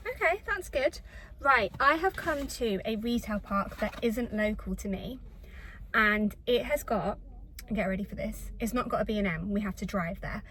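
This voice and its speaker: A chatty woman from England talks to her phone camera from inside her parked car. Her voice sits a little high, and her talk is rambling and self-deprecating. A faint hum runs underneath. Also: low-quality recording. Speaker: vlogger. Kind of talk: chatty shopping vlog. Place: in her car in a retail park.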